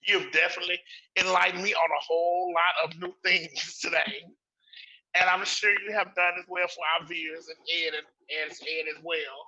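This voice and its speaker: A man's voice: sits high, steady tone, normal speed, pushed and bright, highs cut off. A man hosting an interview show, emphatic and given to echoing his guest's words back. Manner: emphatic, repeats what the guest says. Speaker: show host. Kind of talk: interview talk.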